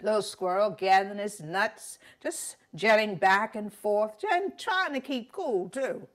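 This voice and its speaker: A woman's voice: mid-range voice, expressive, measured pace. A woman storyteller telling a folk tale aloud in a dramatic, rhythmic way, dropping and raising her volume for effect.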